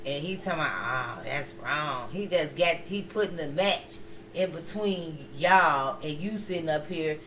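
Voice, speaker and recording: A man's voice: fairly high pitch, unhurried, a bit bright. A man co-hosting a live stream, chatting casually and rambling, often trailing off mid-sentence. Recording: noisy, distant mic.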